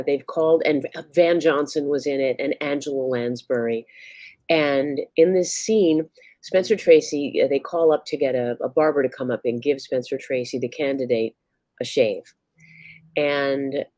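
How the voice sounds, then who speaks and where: A woman's voice: rumbling low, mellow, no echo. A woman co-host and performer chatting casually and bubbly on a livestream video call.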